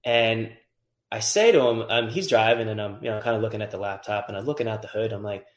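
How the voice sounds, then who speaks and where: A man's voice: on the low side, quick pace. A man who tunes cars, telling a story in a casual chat, swearing freely and acting out the voices of the people in it. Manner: animated, swears freely, acts out voices in stories. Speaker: guest, car tuner. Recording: roomy echo.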